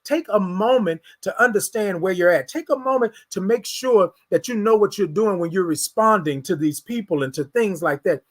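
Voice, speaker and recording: A man's voice: high-pitched, normal speed, few pauses. A man hosting a motivational morning show, talking in a repetitive, preacher-like, encouraging way. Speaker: host.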